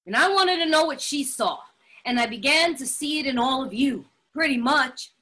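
A woman with a high, bright voice tells her personal story in an animated and dramatic way, stressing her words and laughing often. She speaks straight to her listeners, as at a recovery meeting. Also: normal speed. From Latin American heritage. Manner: laughs often while talking. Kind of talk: personal testimony talk.

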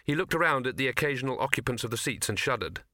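A man reading a novel aloud in an even, measured storytelling way. His tone is bright and forward, and the recording is close and dry with no room sound. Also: mid-range voice, no room sound. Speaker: audiobook narrator. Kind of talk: scripted narration.

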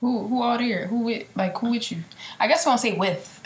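A woman's voice: fairly high pitch, brisk. Laid-back Philly woman, roomy echo. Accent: Philadelphia. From Philadelphia. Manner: laid-back, slangy, trailing off softly. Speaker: podcast co-host. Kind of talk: casual chat. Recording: roomy echo with faint background hum.

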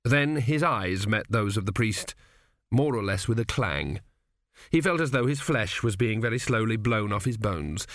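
A man narrating a comic fantasy audiobook in a measured, even storytelling manner. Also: lowish voice, dry recording, studio quality. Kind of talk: scripted narration.

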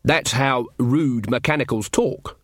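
A man's voice: mid-range voice, a little slow, a bit bright, no room sound, studio quality. A man voicing an earnest rustic village baker in an audiobook. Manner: earnest, putting on old-fashioned talk. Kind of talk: audiobook reading.

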